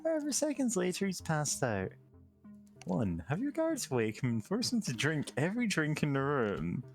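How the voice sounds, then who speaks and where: Woman reading game text, lively swooping pitch, faint music behind. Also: moderate pace. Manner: lively, laughs, slips on words while reading. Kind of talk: casual chat and reading game events aloud.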